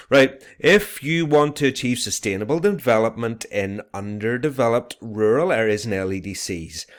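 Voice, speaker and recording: A man teaching a recorded video lesson, chatty and jokey, now and then building to bursts of excitement. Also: on the low side.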